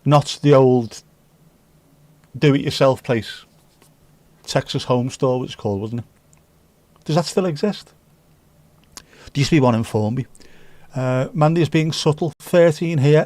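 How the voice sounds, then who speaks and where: An unhurried Liverpool livestream host with a Scouse accent speaks in a darkish, mid-range voice, leaving long pauses, with no room sound. He's chatty and jokey, reading viewers' chat comments aloud.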